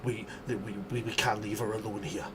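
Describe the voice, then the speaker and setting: A man's voice: medium pitch, fairly even intonation, moderate pace, natural voice. A man voicing a frightened, half-insane trapped man who whispers shakily and stammers, repeating his words. The recording is noisy. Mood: terrified. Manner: shaky, whispering.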